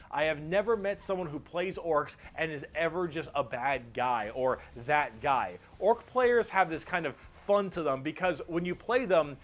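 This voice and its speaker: A man giving a comedic, animated lore explanation, joking and swearing casually. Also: fairly high pitch.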